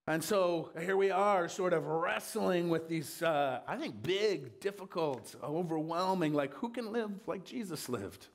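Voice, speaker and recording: A man preaching a sermon in a relaxed, conversational way. His voice sits a little higher than most men's, and he often pauses on fillers and starts his phrases over. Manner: conversational, with frequent fillers and restarts.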